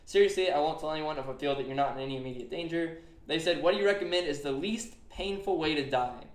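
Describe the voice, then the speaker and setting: Young male podcast host, earnest and rambling, a bit high-pitched, echoey room. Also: fast. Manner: earnest, retelling a conversation with many fillers. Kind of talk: casual podcast chat.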